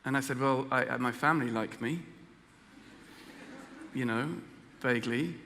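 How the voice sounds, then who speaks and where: English man telling his story, bright voice. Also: mid-range voice, gravelly, long reverb tail, a little hiss or hum. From England. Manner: storytelling, self-deprecating humor, halting restarts. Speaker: guest speaker. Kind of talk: personal testimony talk.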